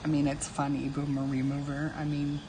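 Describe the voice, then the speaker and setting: Chatty low-voiced woman in her fifties. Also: completely flat delivery, fairly quick, dark tone, a little hiss or hum, rough recording. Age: 50s. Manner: chatty, self-mocking, laughs often. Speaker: live stream host. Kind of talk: casual chat while drawing.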